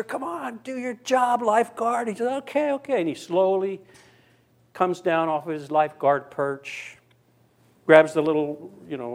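Casting: male preacher, fairly high voice, conversational storytelling sermon. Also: gravelly, a little mellow. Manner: storytelling, voicing characters in quotes. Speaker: pastor.

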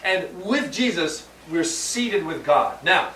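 A man preaching a sermon, halting and repeating words, then rising to emphatic peaks. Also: high-pitched, expressive, pushed and bright. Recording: roomy sound from a distant mic with faint background hum.

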